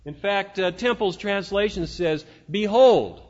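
A man with a high voice delivers a sermon, folksy and conversational, tossing asides to his listeners. The sound is dull and lo-fi, and his words ring out with a long echo in a large hall. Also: expressive, a little slow, fairly bright tone. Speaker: pastor.

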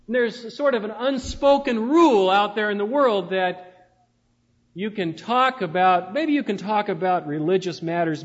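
A man preaching a conversational sermon, telling stories and often pausing with "uh.". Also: high voice. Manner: storytelling, with frequent "uh" fillers. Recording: dull, reverberant hall recording.

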